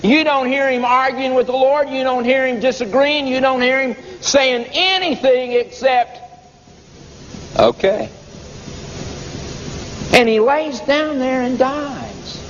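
A man preaching a sermon, telling a story slowly and dramatically, his pitch swinging between high and low. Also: a bit bright. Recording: dull reverberant hall recording with noise.

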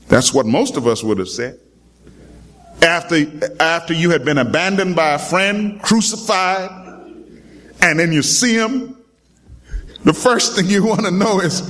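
Man, preacher, sermon, dramatic, emphatic, high voice. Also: expressive, a little slow, fairly bright tone. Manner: dramatic, emphatic, with rhetorical calls to the congregation.

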